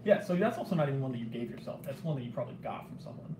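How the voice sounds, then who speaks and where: A man hosting a casual chat, throwing in quick joking remarks. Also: mid-range voice, lively intonation. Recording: echoey room with clear background noise.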